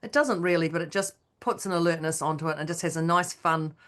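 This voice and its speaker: A woman co-hosting a motivational podcast, talking in a chatty, animated way and acting out the voices she quotes. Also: fairly low pitch, fast talker. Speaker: podcast co-host. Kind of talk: casual motivational chat.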